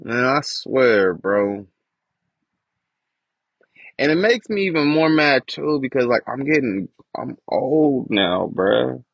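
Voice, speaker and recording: A man's voice: medium pitch, lively intonation, slow, vocal fry, slightly rough, dry recording. A young man ranting with frustration and heavy profanity in a casual podcast monologue about his family. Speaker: podcast host. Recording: dull lo-fi dry recording.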